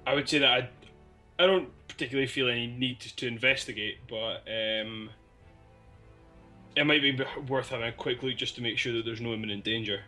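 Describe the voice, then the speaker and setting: A man playing a tabletop game, speaking in a measured, dry way with many hedges. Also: medium pitch, steady tone, sharp tone, soft background music. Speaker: player. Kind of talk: casual in-character game talk.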